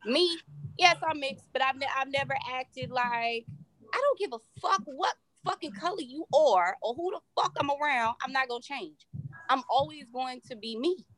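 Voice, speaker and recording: A woman co-hosting a talk show, chatting casually with emphatic, profane, halting speech. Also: sits high, expressive, a bit bright, no room sound. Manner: emphatic, profane, restarts mid-sentence. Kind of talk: casual chat.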